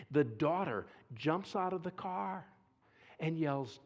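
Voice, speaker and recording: A man giving a lively sermon to a church congregation, telling a story, acting out quotes and drawing answers from the audience. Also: a little high, slow, pauses often, lo-fi sound. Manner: animated, calls for audience response, acts out quotes. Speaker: speaker at a church seminar. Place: church sanctuary.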